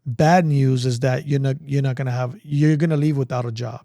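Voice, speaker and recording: A flustered, businesslike male recruiter who keeps things short and brisk, as a man quotes him in his own voice. The tone is gravelly and sits close and dry. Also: medium pitch, fairly even intonation, mellow, no room sound, close to an everyday voice.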